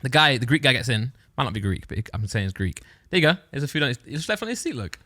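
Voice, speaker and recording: A man's voice: mid-range voice, very animated, fast talker, sharp tone, dry recording. A young man telling a rambling story on a podcast, often breaking off and laughing as he goes. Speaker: podcast co-host. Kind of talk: casual storytelling chat.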